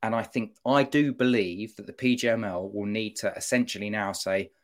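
A man giving an animated, opinionated monologue on a football podcast, often breaking off to mock-quote officials. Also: fairly low pitch, moderate pace. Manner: animated, self-interrupting, mock-quoting officials.

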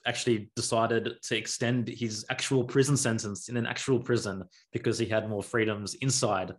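A man's voice: on the low side, steady tone, moderate pace. A man hosting a podcast in casual chat, easygoing and agreeing with his guest. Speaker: podcast host.

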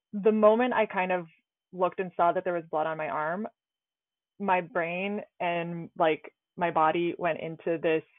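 A matter-of-fact woman speaking as an interview guest, mid-pitched. Her voice comes through a narrow, tinny phone-like line. The sound is dry, with no room around it. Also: dry recording. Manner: matter-of-fact, laughs often. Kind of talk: interview storytelling.

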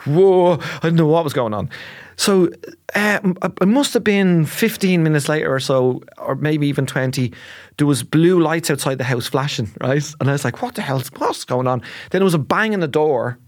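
A man in his forties with an Irish accent, a comedian telling an animated story in casual chat and acting out the voices. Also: on the high side, moderate pace, dry recording, clean studio sound. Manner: animated storyteller, acts out voices, laughs a lot. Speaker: podcast guest, comedian.

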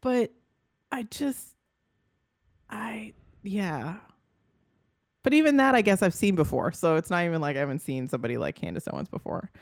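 Wry animated woman cohosting, kinda low voice, dry close mic. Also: rapid-fire, gravelly, few pauses, no room sound. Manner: animated, wry, trailing off and restarting. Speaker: podcast co-host. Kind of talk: casual chat.

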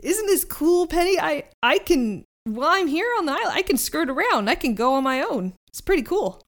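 A woman voicing a goofy, cheerful male talking boat who is eager and excitable. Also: fairly quick. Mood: excited. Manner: bubbly, excitable, high-pitched.

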